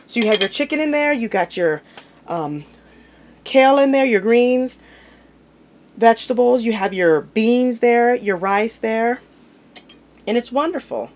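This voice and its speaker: A woman's voice: a little high, lively intonation, measured pace, long pauses, darkish tone. A woman hosting a home cooking video, talking casually and informally while she opens jars and plates food in her kitchen. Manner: chatty and informal, talks while handling food.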